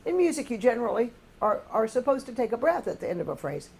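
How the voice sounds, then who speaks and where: A woman's voice: a little high, very animated, quick pace, creaky, darkish tone, breathy edge. An older woman, a choir music director, patiently explaining musical phrasing to a singing class and humming short examples.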